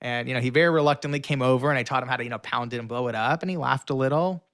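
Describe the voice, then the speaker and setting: A young man tells a story as an interview guest, animated and quick to act out the voices of the people in it. His voice sits at a middle pitch. The sound is dry and close, with no room around it. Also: dry recording. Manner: animated storyteller, acts out quoted lines.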